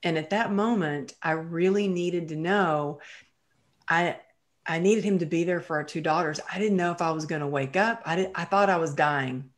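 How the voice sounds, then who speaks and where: On an interview podcast, a middle-aged woman guest vividly tells her life story, acting out the lines she quotes. Her voice is on the low side, at a moderate pace.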